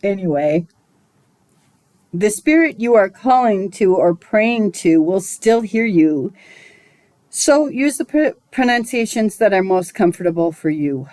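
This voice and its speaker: A woman giving a recorded spiritual lesson as its teacher, talking in a measured, musing way with small digressions. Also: medium pitch, lively intonation, a little mellow, no echo, low-quality recording.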